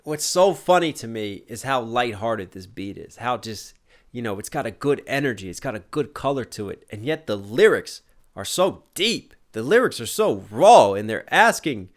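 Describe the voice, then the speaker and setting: A man reacting to a music video as a rapper, thinking aloud in casual commentary that swings between musing and sudden excited outbursts, tired but animated. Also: medium pitch, normal speed. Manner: thoughtful, breaks down lyrics, exclaims in bursts.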